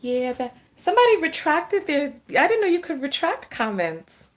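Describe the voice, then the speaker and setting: A woman's voice: high voice, big pitch swings, normal speed. A woman who coaches on self-love and relationships, hosting a casual livestream Q&A. She reads viewer comments and answers on the fly, often trailing off and restarting mid-sentence.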